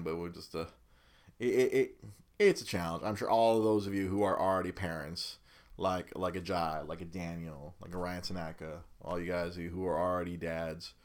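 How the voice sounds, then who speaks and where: A man, a young new father, chatting casually to his viewers in a rambling way, with many restarts and frequent laughter. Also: low voice.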